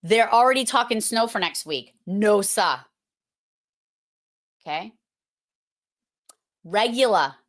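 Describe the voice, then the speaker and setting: A woman's voice: a little high, expressive, unhurried, long pauses, a bit bright. A woman with a strong Boston accent hosting a casual livestream, talking in a playful, emphatic, teasing way. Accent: Boston, Massachusetts. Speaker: host.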